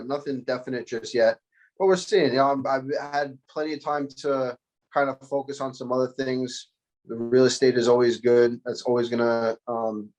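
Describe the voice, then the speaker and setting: A man talks loosely and casually, circling back and restarting his sentences. His voice sits in a middling pitch. He is heard through a phone with earphones on a call. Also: rough recording. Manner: rambling, loose, full of fillers and restarts. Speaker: fighter, interview guest. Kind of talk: casual interview over video call.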